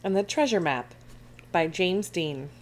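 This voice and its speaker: A woman reading a children's picture book aloud in an expressive, animated way. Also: lowish voice, a little slow. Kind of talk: storybook read-aloud.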